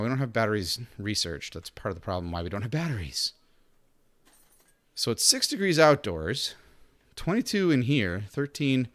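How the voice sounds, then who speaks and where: A man's voice: mid-range voice, a bit bright. A man streaming a video game, chatting casually and talking to the game's characters. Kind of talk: casual gameplay commentary.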